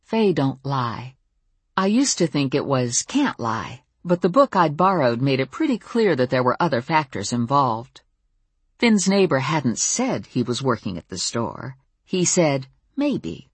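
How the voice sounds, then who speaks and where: A woman's voice: very deep voice, very animated, measured pace, slightly rough, no room sound. A woman narrating a first-person novel in a wry, conversational way. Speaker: audiobook narrator.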